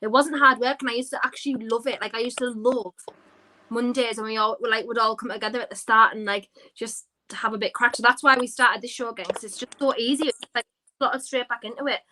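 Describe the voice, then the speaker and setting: A woman chatting loosely, with "like" in every other phrase. Her voice is a touch high and very bright. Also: fairly even intonation, brisk, a little hiss or hum, poor audio. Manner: casual, says "like" a lot. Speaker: podcast co-host. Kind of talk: casual chat.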